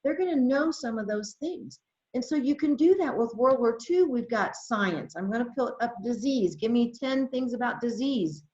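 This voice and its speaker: A woman leading an adult education webinar, talking to teachers with lots of excitement and reading chat replies aloud over a computer microphone. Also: fairly high pitch, normal speed. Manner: enthusiastic, exclamatory, reads chat aloud. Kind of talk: webinar presentation. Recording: roomy, slightly dull webinar audio.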